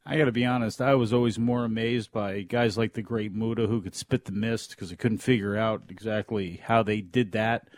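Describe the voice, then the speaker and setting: A man co-hosting a talk radio show, rambling a little and halting as he talks. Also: fairly low pitch, fairly even intonation, no echo, studio quality. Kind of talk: casual talk radio chat.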